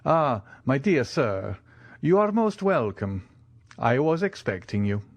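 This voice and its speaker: The Count of Monte Cristo, a man reading a suave, measured nobleman. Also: medium pitch, very animated, dry recording, pitched above the performer's own voice, exaggerated voice. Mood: courteous. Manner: smooth, measured, courteous. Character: suave, commanding male count, courteous and knowing.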